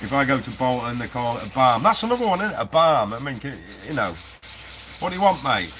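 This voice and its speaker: A man's voice: medium pitch, expressive, fast, bright, forceful tone. A man hosting a casual live stream while building a prop, chatting with viewers, laughing often and reading the chat aloud. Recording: noisy workshop with sanding. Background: sanding and 3D printer noise.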